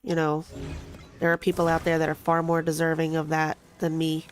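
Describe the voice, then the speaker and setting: A woman with a Philadelphia and South Jersey accent, chatting casually and thinking out loud while streaming a video game. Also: deep voice, monotone, moderate pace, soft background music. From Philadelphia, then southern New Jersey. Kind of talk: casual gameplay commentary.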